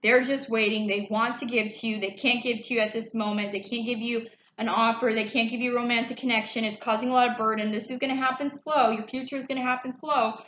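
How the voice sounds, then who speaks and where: Here a fairly high, bright-toned woman speaks quickly and with fairly even intonation. She's a relaxed, profane tarot vlogger who chats freely and laughs and curses without hesitation, recorded in a roomy, echoing space with a faint background hum.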